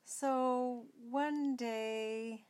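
A woman's voice: on the high side, fairly even intonation, drawn-out words, a little mellow. A middle-aged woman, a mother of many, telling a family story in a rambling way.

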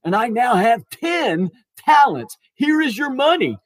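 An eager, overjoyed servant, voiced by a man, high-pitched and gushing. He talks in a breathless rush to please his master, in a dry close sound. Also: big pitch swings, a little slow, no echo, exaggerated voice. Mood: excited.

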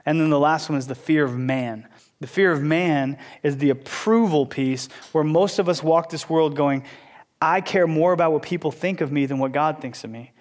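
A man in his thirties preaching to a congregation with a fairly high voice. He is animated and acts out quotes and asides as he teaches. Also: moderate pace. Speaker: pastor. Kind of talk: sermon.

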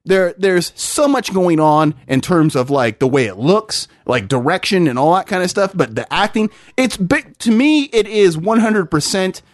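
A man's voice: high voice, expressive, dry recording, studio quality. A man chatting casually as a podcast co-host, enthusiastic and swearing freely. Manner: enthusiastic, profane, drawn-out phrasing. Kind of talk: casual chat.

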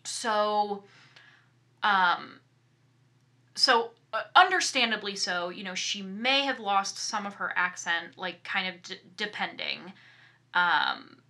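A woman co-hosting a podcast, chatting casually about a movie in an animated, emphatic way. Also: medium pitch, slow. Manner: animated, emphatic, restarts often, mimics lines. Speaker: podcast co-host. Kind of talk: casual movie review chat.

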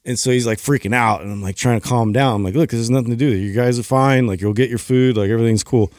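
A man co-hosting a podcast, telling a story in a relaxed, rambling way. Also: medium pitch, racing, no room sound, clean studio sound. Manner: laid-back, rambling with fillers. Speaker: podcast co-host. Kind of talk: casual storytelling chat.

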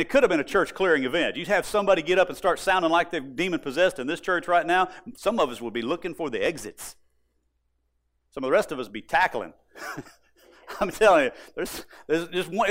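Expressive preacher with a lively high voice. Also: male voice, fairly quick. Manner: emphatic, expressive, repetitive for effect. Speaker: pastor. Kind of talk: sermon.

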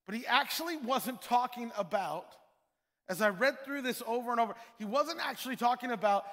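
High-voiced, bright male pastor preaching. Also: fairly quick. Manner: emphatic, repetitive preaching with rhetorical questions. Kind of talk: sermon. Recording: long reverb of a large hall.

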